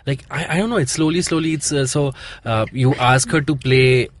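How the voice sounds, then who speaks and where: A man's voice: mid-range voice, moderate pace, no room sound. Easygoing Indian man hosting a podcast. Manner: easygoing, rambling with fillers. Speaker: podcast host. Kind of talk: casual chat.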